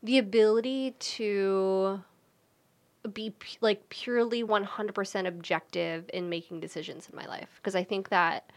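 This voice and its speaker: A woman co-hosting a podcast in excitable, rambling casual chat with a squawking, self-mocking edge. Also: medium pitch, a little slow. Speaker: podcast co-host.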